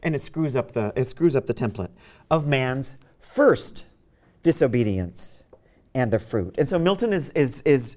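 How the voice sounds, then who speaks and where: A man lecturing on poetry to a university class, his pitch rising and falling freely. He thinks on his feet, stumbling into restarts and repeated words, then reads lines of verse aloud and sounds out their rhythm beat by beat. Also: a little mellow. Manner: reads verse aloud and taps out meter with spoken beats. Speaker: literature lecturer.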